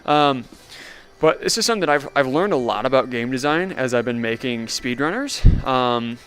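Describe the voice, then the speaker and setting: A man's voice: medium pitch, lively intonation, moderate pace, fairly bright tone, slight background noise. A young man streaming a VR game live, commenting sarcastically and laughing often. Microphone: VR headset mic.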